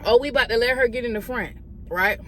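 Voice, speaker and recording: A woman telling a story to her viewers, retelling a confrontation in an animated, profane way with heated quoted dialogue. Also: a little high, quick pace, slight background noise. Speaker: vlogger. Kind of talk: storytime vlog.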